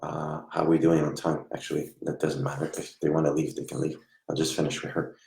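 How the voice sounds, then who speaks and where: A man working as a psychic medium during a live reading, talking in a soft, halting way and murmuring reassurances. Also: extremely low pitch, flat delivery, vocal fry, reverberant.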